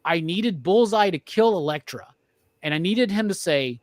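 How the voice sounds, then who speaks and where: A man hosting a podcast, talking excitedly and profanely in a rambling film review. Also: sits high, moderate pace, no room sound. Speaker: podcast host. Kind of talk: casual film review chat.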